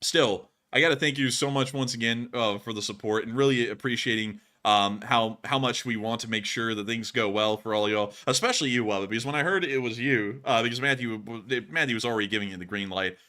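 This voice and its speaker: A man's voice: medium pitch, fairly quick, few pauses, sharp tone. A man hosting a live stream, chatting loosely with many fillers and laughs as he answers donations. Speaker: host. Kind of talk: casual live-stream chat reading donations.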